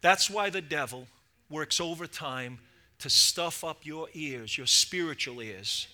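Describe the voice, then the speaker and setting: Passionately and a little slowly, a middle-aged lead pastor delivers his sermon, moving back and forth from loud, shouted moments to low asides.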